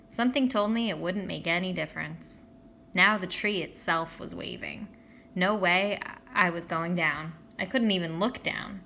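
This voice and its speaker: Female reader, bright forceful tone, expressive storybook narration that voices every character. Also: lowish voice, normal speed, creaky, slight background noise. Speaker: audiobook reader. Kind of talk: reading a children's novel aloud.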